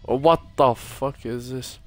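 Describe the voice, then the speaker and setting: A man's voice: medium pitch, measured pace, faint music behind. Jumpy young man. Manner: jumpy, swearing, muttering prayers under his breath. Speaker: gaming streamer. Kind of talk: horror game commentary.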